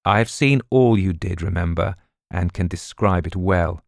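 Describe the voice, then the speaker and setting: A man voicing a cool, commanding English gentleman in an audiobook reading. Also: low voice, moderate pace, vocal fry, dry recording, clean studio sound.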